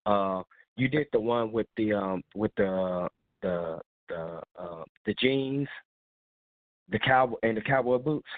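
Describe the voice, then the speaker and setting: A man with a fairly low voice hosts a relaxed live call-in show, sounding congested from a cold and rambling loosely at a slow pace. It's a dry, tinny phone-line recording.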